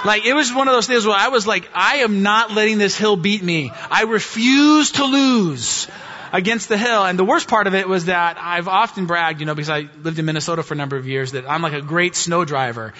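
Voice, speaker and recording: A man's voice: sits high, pushed and bright. A male pastor preaching a sermon in a church, telling a self-mocking personal story in a chatty, conversational way. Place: church hall. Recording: long reverb, dull lo-fi sound.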